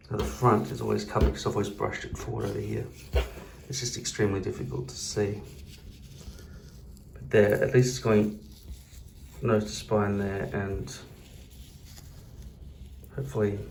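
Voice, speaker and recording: A man's voice: lowish voice, vocal fry, darkish tone, a little hiss or hum. A man vlogging casually to camera, blunt and profane, wandering into rambling asides. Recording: echoey room.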